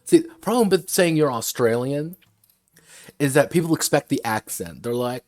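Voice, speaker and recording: In a mid-range, expressive voice at a moderate pace, a game designer from the United States talks through game design on a workshop stream. He rambles, laughs and curses freely, and the sound is clean studio audio with no echo.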